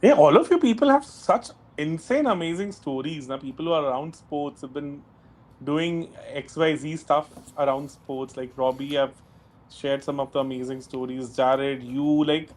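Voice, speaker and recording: A man's voice: a little high, moderate pace, a little mellow. Chatty male stream host. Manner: chatty, interjects with match updates. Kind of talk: live watchalong chat.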